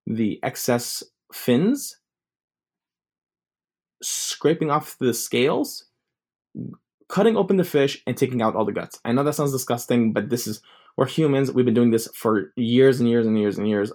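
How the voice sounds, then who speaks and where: A man's voice: mid-range voice, moderate pace, a little mellow. A young man telling a personal story in a casual, rambling way, full of filler words. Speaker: vlogger.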